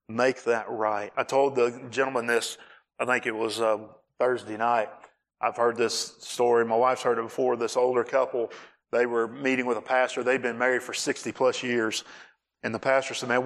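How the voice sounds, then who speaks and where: A male pastor with a mid-range voice preaches an animated sermon on marriage, acting out scenes and raising his voice for emphasis.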